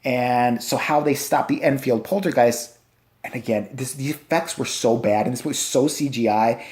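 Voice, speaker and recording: A man's voice: mid-range voice, moderate pace, a little mellow. A man rants through a casual movie review, full of sarcasm and profanity. He mocks the film scene by scene in a loose, conversational voice, recorded on a handheld camera.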